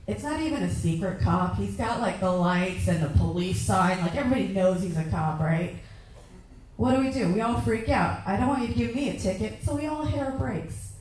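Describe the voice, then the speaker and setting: A young woman performing a stand-up comedy set on a club stage, ranting in lively bursts and shouting her acted-out asides. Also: mid-range voice, brisk, far from the mic, a little hiss or hum. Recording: echoey club room heard from afar.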